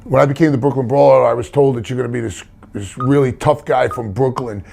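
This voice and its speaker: A man's voice: medium pitch, fairly even intonation, fast, gravelly, a little mellow. A middle-aged man, a wrestler telling rambling stories full of restarts in a casual interview. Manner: rambling anecdotes with many restarts. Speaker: wrestler guest.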